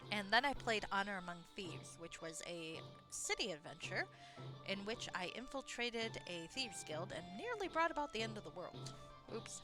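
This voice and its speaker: A woman's voice: medium pitch, animated, normal speed, music in the background. A woman streamer casually commenting on her fantasy role-playing game, chatty, self-mocking and laughing often. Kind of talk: casual let's-play commentary.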